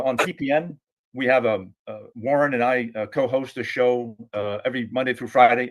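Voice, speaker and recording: A man speaking earnestly and emphatically on a group call, with frequent restarts. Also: medium pitch. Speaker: guest speaker; podcast co-host. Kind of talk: impassioned call remarks.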